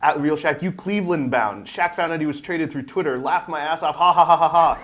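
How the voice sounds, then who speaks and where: A man's voice: a little fast, lightly acted. A man doing a mock dramatic reading of brash male tweeters in a put-on voice. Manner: dramatic reading, loud and high.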